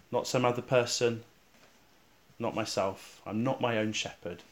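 Male preacher, sermon-style guided meditation, calm and reflective, unhurried with pauses, hushed on recited verses. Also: on the low side. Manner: calm and reflective, with slow pauses, dropping soft on repeated verses.

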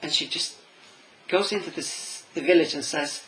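A man's voice: a little high, moderate pace, fairly bright tone, a little hiss or hum, poor audio. A man preaching a sermon in English, which is not his first language, thoughtful and stopping to search for words. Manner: thoughtful, searching for words, asks questions aloud.

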